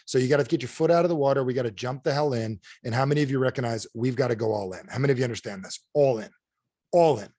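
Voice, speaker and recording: A man's voice: mid-range voice, very fast, dark tone, no echo, studio quality. A man giving a motivational talk on a video call, pressing his points with repeated rhetorical questions. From United States. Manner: punchy, repetitive rhetorical questions. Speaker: motivational speaker. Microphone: close mic on a video call.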